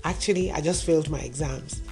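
A woman's voice: low-pitched, fairly quick, a little mellow, faint music behind. A woman voicing a sly teenage boy. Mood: sheepish. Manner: apologetic then teasing.

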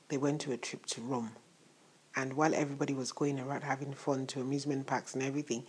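A woman's voice: extremely low pitch, a little mellow, breathy edge. A woman preaching a morning sermon in a conversational way, full of rhetorical questions. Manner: conversational, asks rhetorical questions, laughs at times.

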